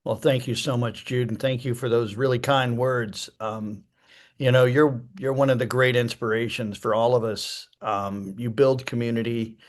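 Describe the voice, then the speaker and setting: A man's voice: medium pitch, steady tone, normal speed. A man, an author appearing as a guest, answering in a thoughtful, rambling way with frequent fillers. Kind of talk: casual interview chat.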